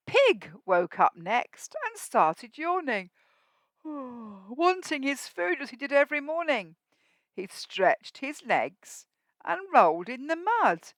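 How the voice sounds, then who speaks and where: High, lively storytelling woman. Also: slow, dry recording. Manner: expressive, asks the children questions and invites them to join in. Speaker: teacher reading to a school assembly. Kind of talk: storybook read-aloud for young children.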